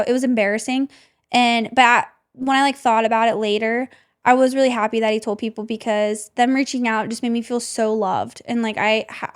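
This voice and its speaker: A woman's voice: on the high side, clear, resonant tone. A young woman, a podcast host, telling a personal story with emotion and many "like" fillers. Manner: emotional, heavy use of "like" fillers.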